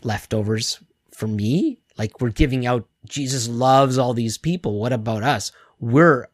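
A man's voice: mid-range voice, no room sound, studio quality. A male pastor giving a conversational sermon, acting out quotes and often restarting words. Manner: conversational, animated, acts out quotes, repeats words.

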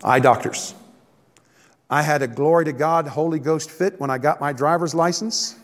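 A man's voice: fairly high pitch, normal speed. A man preaching a sermon as a pastor, folksy and joking, acting out complaining voices. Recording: echoey hall.

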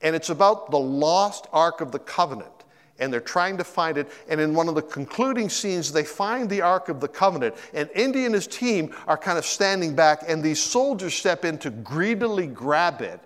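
A fairly high-pitched man's voice, at normal speed, rings through the large hall of a church sanctuary. The middle-aged pastor preaches animatedly, performing quotes with sudden vocal shifts and repeating words as he pulls his thoughts together.

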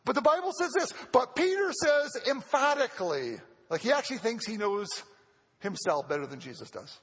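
Man, sermon, very high voice, husky, echoing hall. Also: very animated, normal speed, a bit bright. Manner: earnest, repeats phrases for emphasis, frequent restarts. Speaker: preacher.

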